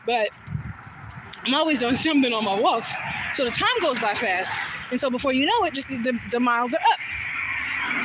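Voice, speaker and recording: A woman's voice: sits high, expressive, normal speed, pauses often. A woman telling a casual story while out on a walk, chatty and swearing freely as she acts out what people said, into a phone she holds as she walks. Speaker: vlogger. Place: outdoors on a walking trail. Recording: outdoor noise behind voice.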